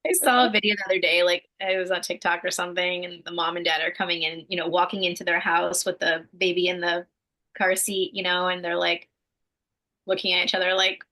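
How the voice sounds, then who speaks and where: Bright-voiced young mom chatting. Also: female voice, lowish voice, a little fast. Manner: relaxed, lots of fillers, laughs. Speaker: podcast co-host, mother of two. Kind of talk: casual chat.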